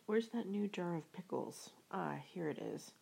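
A woman voicing an overeager, boastful male tiger from a storybook, speaking loudly and excitedly. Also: fairly low pitch, measured pace, vocal fry, husky, full character voice. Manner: loud, excited.

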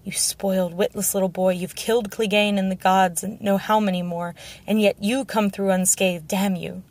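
A woman reading the part of a bitter, sharp-tongued male dwarf lord, scornful and commanding. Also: medium pitch, steady tone, moderate pace, close to an everyday voice. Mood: furious. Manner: scornful, shouting.

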